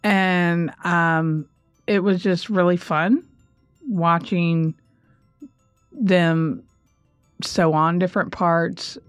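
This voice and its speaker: A woman co-hosting a podcast in casual chat. She laughs often and slows down for emphasis. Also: fairly low pitch, steady tone, clear, resonant tone, dry recording, soft background music. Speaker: podcast co-host.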